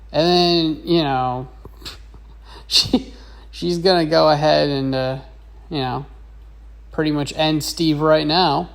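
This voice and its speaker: A woman's voice: low voice, steady tone, takes it slowly, gravelly, long pauses. A woman teacher narrating a casual drawing lesson in a chatty, rambling way. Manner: chatty, rambling, with many fillers.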